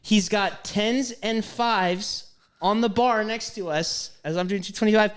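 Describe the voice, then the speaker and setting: A man co-hosting a podcast, telling a story in casual chat, animated and profane with lots of fillers. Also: high-pitched, measured pace, clear, resonant tone. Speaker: podcast co-host.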